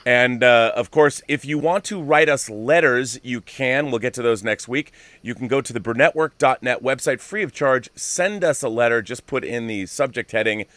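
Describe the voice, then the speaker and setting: An effusive man hosting a live talk show, thanking his guest and crew as he signs off. His voice is bright and forceful, smooth and crisp. The sound is dry, with no room echo. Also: medium pitch, moderate pace, few pauses. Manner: effusive, talks with many restarts. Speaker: host. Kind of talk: live-stream show sign-off.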